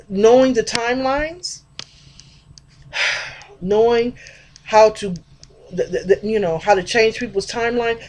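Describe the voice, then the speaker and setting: A woman's voice: a little high, a little mellow. A woman vlogger talking in a rambling, chatty monologue about spiritual ideas, addressing her viewers directly.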